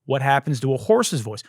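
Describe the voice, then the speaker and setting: A man hosting a comedy podcast, riffing on wordplay in a profane, animated monologue, his voice a little hoarse. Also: mid-range voice, no room sound, clean studio sound. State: slightly hoarse. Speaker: podcast host.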